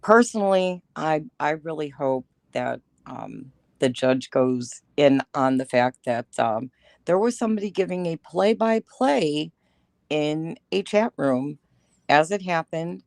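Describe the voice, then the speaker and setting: A woman's voice: low voice, expressive, measured pace, no echo, studio quality. A woman appearing as a guest on a livestream, talking through a topic in a discursive way with lots of fillers. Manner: talkative, discursive, many fillers. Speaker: guest commentator. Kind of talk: casual commentary chat.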